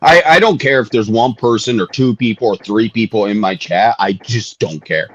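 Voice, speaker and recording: A man's voice: fairly low pitch, moderate pace, husky, no room sound, highs cut off. A man ranting angrily on a livestream, profane and heated, hammering the same jabs over and over. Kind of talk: angry livestream rant. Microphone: streaming mic.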